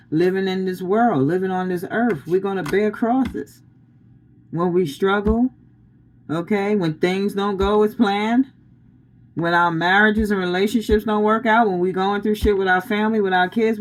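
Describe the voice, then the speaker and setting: A woman tarot reader gives a loose spiritual pep talk. She is blunt and preachy, with plenty of slang and frequent laughter. Her voice sits at a middle pitch. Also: rough recording.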